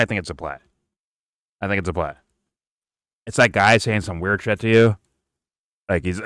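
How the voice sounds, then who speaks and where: A man's voice: lowish voice, fairly bright tone, no room sound, clean studio sound. A man co-hosting a stream, reacting to a clip in casual, profane, joking trash talk.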